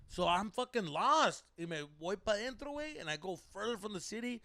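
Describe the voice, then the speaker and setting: Animated man mixing slang into English. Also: high-pitched, brisk, hardly any pauses, no echo. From Mexico. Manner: animated, swears often, mixes Spanish slang into English. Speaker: podcast co-host. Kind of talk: casual storytelling chat.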